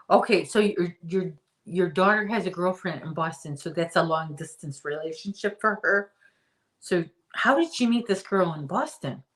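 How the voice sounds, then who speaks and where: A middle-aged woman hosting a casual live-stream chat from home, rambling and reading out viewer comments. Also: on the low side. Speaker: host.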